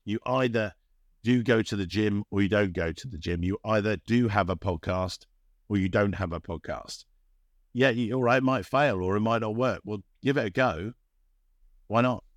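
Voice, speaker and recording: Low-voiced man, chatty and rambling. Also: moderate pace, no echo. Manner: chatty, rambling, self-promoting with dry humor. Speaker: podcast guest, recruitment CEO. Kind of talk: casual interview talk.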